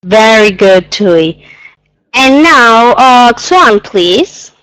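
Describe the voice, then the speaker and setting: A woman's voice: a little high, expressive, very slow, a bit bright, smooth, rough recording. A woman teaching an English pronunciation lesson, patiently repeating sounds and exaggerating them so learners can hear.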